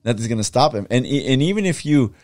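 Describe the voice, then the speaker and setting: A man hosting a podcast, asking relaxed, chatty questions. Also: medium pitch, fast talker, dry recording. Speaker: podcast host. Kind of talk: casual interview.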